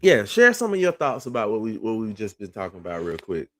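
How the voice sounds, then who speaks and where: A man's voice: fairly low pitch, huge pitch swings, brisk, dry recording. Man hosting a dry, close commentary chat. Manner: conversational, fillers, emphatic. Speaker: podcast host.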